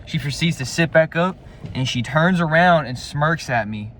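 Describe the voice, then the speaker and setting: A man's voice: on the high side, animated, moderate pace, fairly bright tone, slight background noise. Slangy man rambling through a storytime. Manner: rambling and slangy, full of "dude", "like" and swearing. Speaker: vlogger telling a personal story. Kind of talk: casual storytime monologue.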